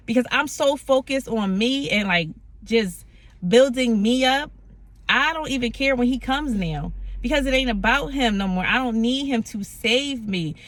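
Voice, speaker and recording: Animated, bright-voiced woman telling a story. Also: on the high side, moderate pace, no room sound. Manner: animated, dramatic, acts out voices in her stories; laughing, self-mocking. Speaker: vlogger sharing a faith testimony. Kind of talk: casual storytelling to camera.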